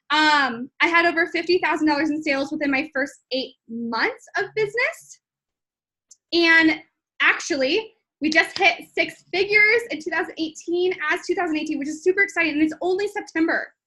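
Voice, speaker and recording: A woman in her twenties, a business coach talking excitedly to viewers in a live stream, gushing with lots of likes and ums. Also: very high-pitched, moderate pace. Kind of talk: live-streamed sales talk.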